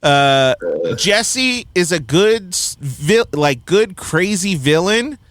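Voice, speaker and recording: A man with a high, expressive, somewhat bright voice talks slowly while reviewing a film on a podcast. He's blunt and opinionated, often laughing at his own points, and the recording has no room sound.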